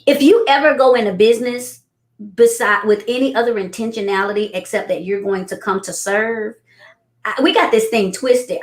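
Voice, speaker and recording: A middle-aged woman chatting as a guest business coach, telling animated stories and acting out quotes. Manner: animated storyteller, acts out quotes in high voices. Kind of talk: casual chat. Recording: echoey room.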